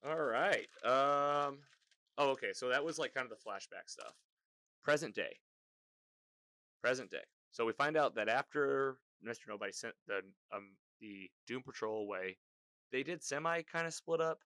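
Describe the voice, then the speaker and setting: A man hosting a podcast, recapping a TV season in casual, rambling chat full of fillers and quick quoted lines. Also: medium pitch, sharp tone, no echo. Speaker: podcast host.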